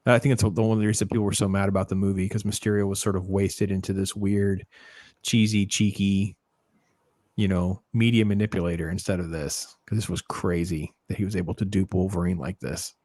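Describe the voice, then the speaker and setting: A man with a low-pitched voice hosts a casual panel chat, animated and quick to act out what he describes. The sound is dry and close, with little room around it. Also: no room sound. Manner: animated, acts out scenes in quoted voices. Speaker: podcast host.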